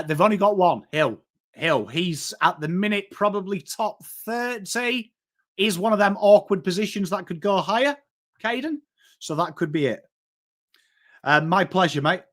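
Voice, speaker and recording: Here's a high-pitched, fairly bright male voice from England, hosting a laid-back live stream. Chatty and playful, he responds to the chat and addresses people as mate.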